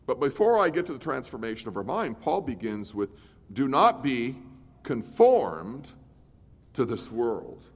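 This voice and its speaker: A man delivers an evening sermon as a pastor, his pitch rising and falling in a lively way. He moves between loud, emphatic declarations and quiet, low-voiced asides. His voice rings out with the long reverb of a large hall. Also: unhurried.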